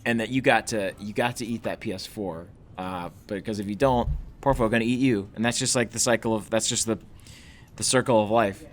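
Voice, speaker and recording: A man's voice: on the low side, brisk, a little hiss or hum. A man co-hosting a comedy show, riffing with rambling, hammy asides. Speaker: show host.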